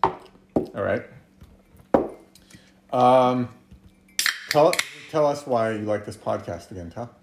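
A man's voice: mid-range voice, slow pace, creaky, long pauses, noisy background. A man co-hosting a podcast, chatting casually and thinking aloud with some hesitation as he tastes beer. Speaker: podcast co-host. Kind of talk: casual chat, beer tasting. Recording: echoey room.

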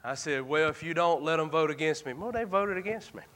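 High, bright revival preacher. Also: male voice, lively intonation, fairly quick. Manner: folksy storytelling, swinging from low murmurs to shouted exhortation. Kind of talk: revival sermon.

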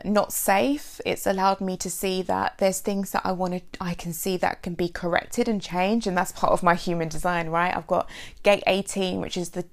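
A woman hosting an unscripted solo podcast as a coach, talking in a heartfelt, emotional and rambling way with many fillers. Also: mid-range voice. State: sore throat lately.

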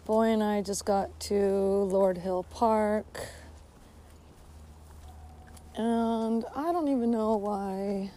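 A woman's voice: medium pitch, steady tone, extremely slow, long pauses, dark tone. A woman venting in a casual vlog, recorded on her phone outdoors at a park, bitter and sarcastic with lots of swearing. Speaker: vlogger. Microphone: phone held by speaker.

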